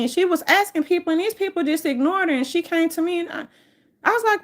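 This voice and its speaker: A woman with a New Orleans accent hosting a casual, profane storytelling monologue, brash and animated. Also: high voice, fairly quick. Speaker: host.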